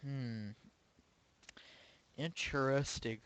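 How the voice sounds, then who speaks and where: A man's voice: mid-range voice, steady tone, drawn-out words, fairly bright tone, clear, resonant tone, poor audio. A man commentating his own online chess game live, thinking aloud with hesitant, self-questioning remarks. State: sleepy, yawning. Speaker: chess streamer.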